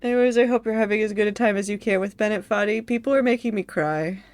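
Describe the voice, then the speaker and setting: A woman's voice: mid-range voice, quick pace, darkish tone, dry recording. A woman streaming a game and chatting with her viewers, emotional and laughing through tears. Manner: emotional, tearful and laughing, talks to chat. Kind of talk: casual live-stream commentary.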